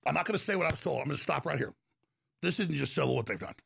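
A middle-aged man hosting a talk show, telling a long, heated story in a rambling, rapid-fire way. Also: a little high, expressive, creaky, fairly bright tone, slightly rough, dry recording, clean studio sound. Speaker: show host.

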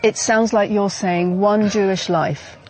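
A woman's voice: medium pitch, steady tone, a little slow, darkish tone, a little hiss or hum, rough recording. A woman reporter asking pointed, challenging questions in an interview.

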